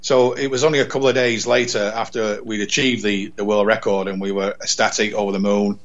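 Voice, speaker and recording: A man from England, a radio presenter, telling an animated story in casual chat, repeating words and acting out dialogue. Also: fairly low pitch, a little fast, highs cut off. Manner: rambling, repeats words, acts out quoted dialogue. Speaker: radio presenter, podcast guest.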